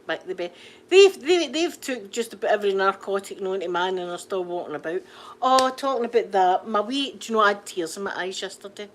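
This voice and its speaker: A woman's voice: medium pitch, very noisy. A middle-aged Scottish woman from Scotland, chatting casually with viewers on a livestream, rambling and laughing often. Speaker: livestream host. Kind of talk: casual live chat with viewers.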